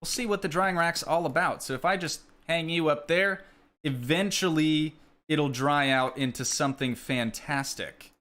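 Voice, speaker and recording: Young adult man, American accent, bright tone, rambling casual gameplay chat, talking to viewers. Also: on the high side, normal speed. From United States. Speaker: gaming streamer.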